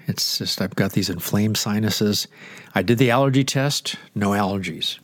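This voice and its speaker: A man's voice: on the low side, moderate pace, no echo. Older man with a nasal voice. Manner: chatty, joking asides, lively emphasis. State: nasal from inflamed sinuses. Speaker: radio Bible teacher. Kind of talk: conversational radio sermon.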